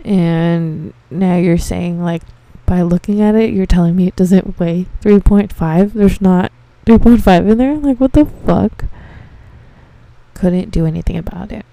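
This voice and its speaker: A woman's voice: fairly low pitch, fairly even intonation, measured pace, hardly any pauses, dark tone, no room sound. A young woman, a dispensary receptionist, telling casual stories about her customers, cursing freely and laughing as she goes. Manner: profane, laughing, exasperated storytelling. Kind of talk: casual storytelling monologue.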